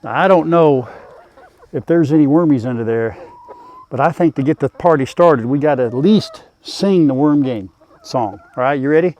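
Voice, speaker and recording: A man's voice: a little high, moderate pace, darkish tone, highs cut off. Folksy older man talking to chickens. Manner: folksy rural drawl, talks to his animals. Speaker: farm vlogger. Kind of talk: casual farm vlog. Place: outdoors in a chicken coop.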